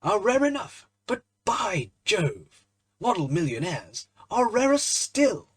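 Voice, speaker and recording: A man voicing a jovial male painter who laughs at and teases his friend, in a loud, hearty way, in a storybook reading. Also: high voice, wildly swooping pitch, slow, slightly rough, pitched above the performer's own voice, exaggerated voice. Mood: hearty, amused.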